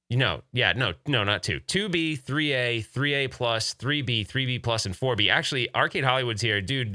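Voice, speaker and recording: A man hosting a casual podcast, chatting enthusiastically and cutting himself off mid-sentence. His voice is bright and lively, with a pitch that jumps around. The sound is dry and close. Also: no room sound. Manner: rambling, self-interrupting, enthusiastic. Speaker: podcast host.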